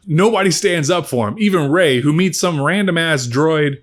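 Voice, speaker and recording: A man giving a casual spoken movie review, rambling and swearing freely with animated asides. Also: on the high side, normal speed, few pauses.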